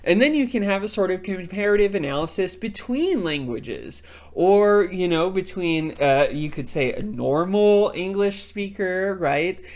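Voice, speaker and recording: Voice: medium pitch, animated, measured pace, a little mellow. A lecturer from Texas with a Texan accent, explaining ideas in a casual, thinking-aloud way with many fillers and tag questions.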